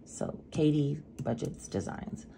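A woman's voice: low-pitched, fairly even intonation, slow pace, vocal fry, dark tone, a little hiss or hum. A woman making a casual budgeting vlog, chatting with viewers and counting cash aloud as she stuffs binders. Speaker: budgeting vlogger.

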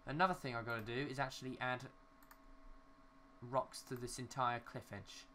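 The young man's medium-pitched voice is steady yet sharp, moving at a moderate pace with a little hiss or hum behind it. As a gaming YouTuber, he rambles casually while building in a city game, talking to himself and swearing mildly at glitches.

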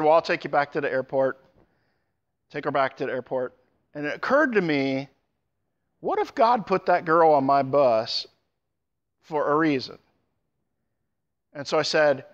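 A middle-aged man, a pastor telling a personal story in a sermon, with sudden lively jumps in his voice. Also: lo-fi sound. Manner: storytelling with animated pitch jumps.

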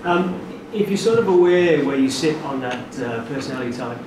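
A man's voice: medium pitch, animated, fairly quick. A man in the audience asks a question in a hesitant way, with many fillers. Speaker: audience member asking a question. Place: meeting room. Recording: echoey room, distant mic, noise.

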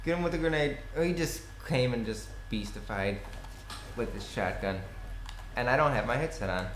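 Excitable young man yelling at a game. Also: medium pitch, normal speed. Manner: excitable, swears, yells at the game. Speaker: gaming commentator. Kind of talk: live gameplay commentary. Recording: echoey room with faint noise.

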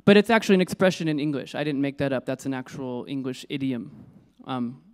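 Speaking fast in a clean, mid-range voice with lively intonation, a man delivers a casual lecture on poetry in a lecture room. He thinks out loud, frequently restarting and turning to the audience with questions and asides.

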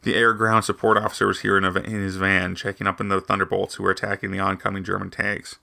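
A man hosting a podcast and reading aloud in a halting way, often stopping to restart his words. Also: low-pitched, monotone, vocal fry, bright, forceful tone, dry recording. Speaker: podcast host and reader.

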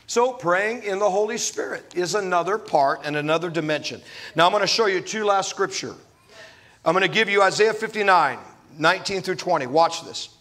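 A man preaching a sermon as a pastor, animated and full of humorous asides. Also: high voice.

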